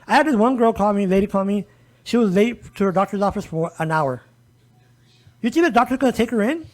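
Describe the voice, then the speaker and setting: A man's voice: sits high, animated, brisk. A man speaking as a guest advocate in a conversational podcast interview, emphatic and often turning to listeners with "folks" and "okay?". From El Paso area, US.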